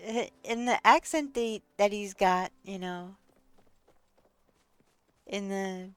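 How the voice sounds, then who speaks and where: New lady streamer, laughs a ton, slow easy talk, dry sound. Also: medium pitch, smooth, dry recording. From New York. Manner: giggly, laughs often between short remarks. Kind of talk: casual live-stream chat.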